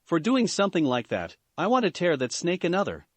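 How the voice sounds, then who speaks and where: A hot-headed young male ninja, as a man reads him aloud, with a threatening edge. The voice sits a little high and swings lively. The sound is close and dry. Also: a little fast, no echo. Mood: angry. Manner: threatening, heated. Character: brash loud young male ninja brawler.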